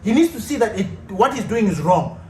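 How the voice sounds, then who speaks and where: A man with a high voice delivers a heated fan rant, full of swearing and repeated outbursts. The room around him is echoey, with a faint hiss of noise underneath. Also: very animated, a little fast. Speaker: fan channel host. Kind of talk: ranting fan commentary.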